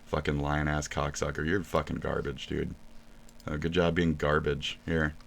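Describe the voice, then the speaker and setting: A man's voice: a bass voice, level tone, normal speed, creaky, fairly bright tone. A man streaming live, ranting and mocking with crude swearing in casual reaction talk.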